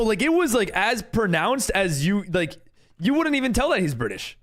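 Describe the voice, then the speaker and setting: A man's voice: high-pitched, big pitch swings, a little fast, a bit bright. An American man chatting casually on a live game stream, reading and answering his chat as he builds. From United States.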